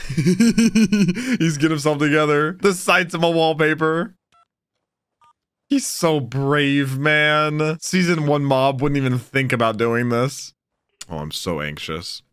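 A man's voice: a little high, takes it slowly, clean tone, no echo, clean studio sound. A young man giving casual, emotional commentary while reacting to an anime episode, often calling out "bro". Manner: excitable, emotional, says bro a lot.

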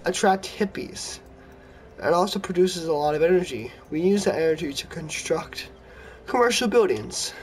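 A man giving casual commentary over his gameplay, sleepy and yawning as he reads the game's prompts aloud. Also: high voice. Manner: chatty, reads in-game text aloud, yawny and relaxed. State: tired, yawning. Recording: game music under the voice.

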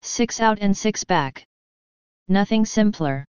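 A woman voicing a calm, assured male detective who speaks quietly and measured. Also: mid-range voice, clear, resonant tone, no echo, highs cut off.

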